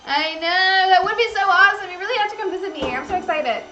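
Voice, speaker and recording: A woman's voice: very high voice, sharp tone, highs cut off. A woman hosting a cooking livestream, chatting in a bubbly, gushing way to her viewers. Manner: bubbly, gushing, talks to chat. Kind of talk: casual livestream chat to viewers. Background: faint background music.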